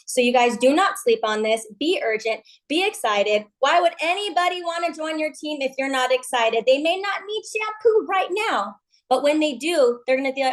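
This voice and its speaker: High, gushing woman giving a pep talk. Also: animated, moderate pace, low-quality recording. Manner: gushing, pushy and chatty. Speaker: MLM team leader on a team call.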